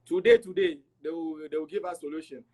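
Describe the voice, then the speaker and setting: A middle-aged man from Togo, an interview guest, telling his travel story in an animated way and acting out the dialogue. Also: fairly high pitch, quick pace. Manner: animated, acts out dialogue with repeats.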